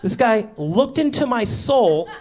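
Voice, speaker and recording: High-voiced man telling a stand-up story. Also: very animated, slow, darkish tone. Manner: conversational storytelling with awkward, sheepish asides and bursts of exasperation. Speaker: stand-up comedian. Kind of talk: stand-up comedy set. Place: comedy stage before a live audience.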